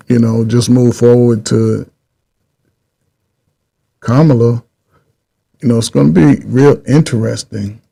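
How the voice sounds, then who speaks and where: Middle-aged male host, husky and mellow, loose rambling commentary delivery. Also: medium pitch. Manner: rambling, repeats himself, drawn-out pauses. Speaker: channel host. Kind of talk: casual political commentary.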